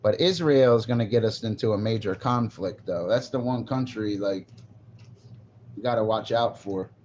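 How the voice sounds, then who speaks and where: A man's voice: on the low side, moderate pace, a little mellow, dull audio, slight background noise. A man talking casually on a live stream, rambling loosely and answering viewers' comments. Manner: rambling, loose, restarts and reads chat aloud. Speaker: livestreamer.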